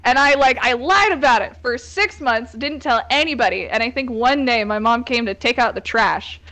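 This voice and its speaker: A woman's voice: fairly high pitch, expressive, moderate pace, sharp tone. A young woman hosting a casual group chat, candidly telling a story with lots of laughs and swearing. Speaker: host.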